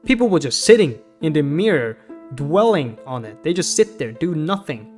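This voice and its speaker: A man with a fairly high voice rants in a loose, rambling way, swearing freely and sounding fed up. He talks like a gaming YouTuber doing commentary, with faint music playing under him. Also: big pitch swings, moderate pace, darkish tone. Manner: rambling, profane, exasperated. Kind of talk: ranting commentary.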